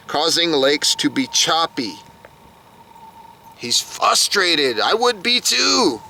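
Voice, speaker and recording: A man's voice: medium pitch, bright, forceful tone, slight background noise. Chatty man recapping from notes. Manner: chatty, reads from notes, reacts aloud. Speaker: YouTube episode recapper. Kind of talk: casual recap monologue.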